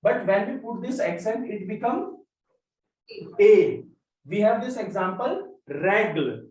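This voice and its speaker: A man's voice: high voice, lively intonation, normal speed. A man teaching a class, explaining step by step and spelling out letters one at a time. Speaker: French teacher. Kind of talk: classroom lesson. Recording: roomy echo, mic at a distance.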